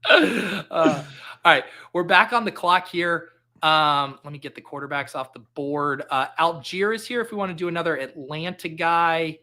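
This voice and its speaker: A man's voice: on the high side, normal speed, pushed and bright. A man hosting a casual podcast, rattling off names and numbers and telling jokey stories. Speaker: podcast host. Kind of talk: casual podcast chat during a fantasy football draft.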